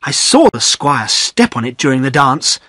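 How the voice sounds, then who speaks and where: A man voicing a brisk, impatient woman in a storybook reading. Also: mid-range voice, very animated, sharp tone, no echo. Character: brisk, impatient woman fussing over a dress.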